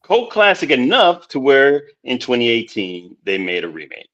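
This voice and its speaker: A man's voice: mid-range voice, wildly swooping pitch, moderate pace, fairly bright tone. A man hosting a casual movie chat who rambles, repeats words and laughs often. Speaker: podcast host. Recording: dull lo-fi sound.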